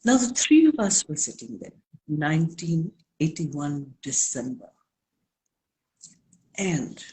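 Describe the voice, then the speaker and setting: An older woman speaking as a guest in a live interview, slow and emphatic, leaning on key words. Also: deep voice, dark tone.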